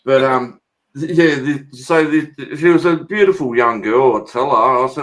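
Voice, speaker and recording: A man's voice: mid-range voice, normal speed, fairly bright tone, poor audio. An Australian man hosting a casual chat, telling stories bluntly and swearing freely. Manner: swears freely, brash storytelling.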